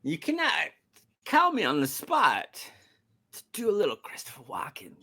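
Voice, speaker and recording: A man's voice: sits high, wildly swooping pitch, normal speed, sharp tone. A man co-hosting a film podcast, telling stories in casual chat, swearing freely and laughing often. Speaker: podcast co-host.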